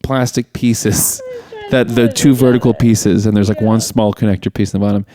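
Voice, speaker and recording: A man's voice: lowish voice, fairly even intonation, normal speed, dark tone. A man co-hosting a podcast, chatting casually about a film and animatedly retelling its scenes. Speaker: podcast co-host. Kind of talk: casual movie chat.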